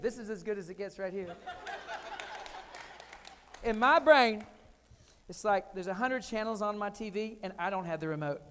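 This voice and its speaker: An older American man with a high, fairly bright voice gives a comic keynote talk. He relates personal stories in brief, punchy phrases, and the recording has the echo of a hall.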